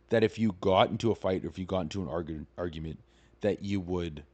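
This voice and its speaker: A man's voice: fairly low pitch, brisk, fairly bright tone. A young man hosting a podcast, retelling an online story in a casual, profane, rambling way and scoffing that it is fake. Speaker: comedian podcast host.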